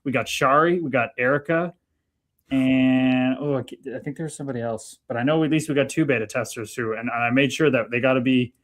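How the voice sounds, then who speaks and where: A Canadian man co-hosting a live stream in a loose, easygoing way. He talks at a middle pitch and keeps up a steady flow of chat, reading viewer comments aloud. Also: brisk. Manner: relaxed, chatty, reads chat aloud. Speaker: co-host.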